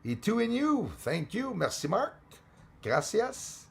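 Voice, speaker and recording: A man chatting loosely on a livestream, his slightly high voice heavily gravelly and husky. He is losing his voice, so it sounds strained and rough. He rambles and drops in bits of French and Spanish. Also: wildly swooping pitch, takes it slowly. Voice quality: gravelly, hoarse voice. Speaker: livestream host reading chat. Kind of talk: casual live chat.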